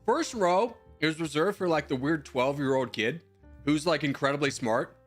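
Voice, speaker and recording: A man's voice: on the high side, normal speed, soft background music. A man in his twenties, a streamer in casual chat, giving rambling advice with slang and the odd swear while answering viewer messages.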